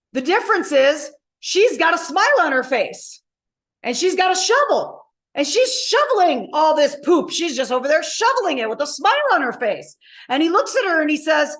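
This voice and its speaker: A high-voiced woman coach leads a live online masterclass. She tells her stories with emphatic, animated energy, and her voice comes through a video call. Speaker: motivational coach.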